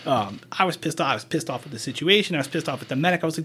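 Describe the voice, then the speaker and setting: A man's voice: a little high, expressive, very fast, pushed and bright, slight background noise. A man working as a paramedic, chatting frankly on a podcast, swearing and acting out quoted dialogue as he tells his stories. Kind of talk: casual podcast chat, storytelling.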